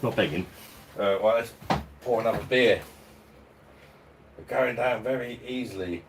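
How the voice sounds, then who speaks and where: A man's voice: mid-range voice, unhurried, background noise. A man from London with a Cockney and South East London accent, chatting casually and rambling on a livestream beer review at home. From London, England. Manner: chatty and rambling, chuckles often. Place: home in hot weather, fan nearby.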